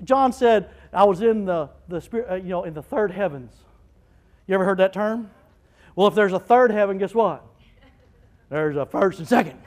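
A male pastor preaching a lively sermon, rising to shouts as he quotes scripture. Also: high-pitched, normal speed, pauses often, low-quality recording.

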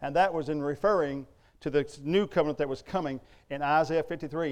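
Male pastor, middle-aged, emphatic sermon, rhetorical questions, smooth clear voice, slightly high. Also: fairly even intonation, a little fast, darkish tone.

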